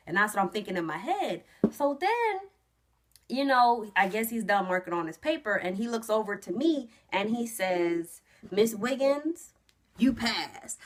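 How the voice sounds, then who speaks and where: A young woman vlogging to camera, telling a story in a casual, animated way that jumps into loud, high re-enactments and drops to hushed asides. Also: normal speed. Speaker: trucking vlogger.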